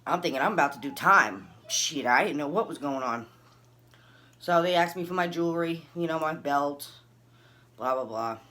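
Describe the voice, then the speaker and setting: Animated woman telling a story. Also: moderate pace. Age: adult, recalls early twenties and has a son. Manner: animated, acts out dialogue with big pitch jumps. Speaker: vlogger telling a personal story. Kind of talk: casual storytelling.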